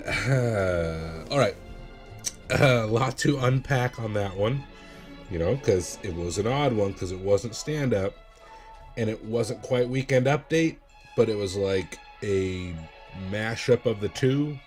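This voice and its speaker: A man's voice: on the low side, expressive, takes it slowly, faint music behind. A man reacting to an old talk show clip, thinking aloud in a laid-back way. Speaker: video reaction host. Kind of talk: reaction commentary.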